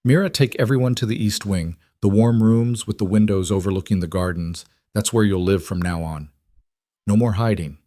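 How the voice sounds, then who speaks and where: A man voicing a ruthless king with ice powers who speaks quietly and commandingly. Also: fairly low pitch, normal speed, no echo, clean studio sound, close to an everyday voice. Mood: tender.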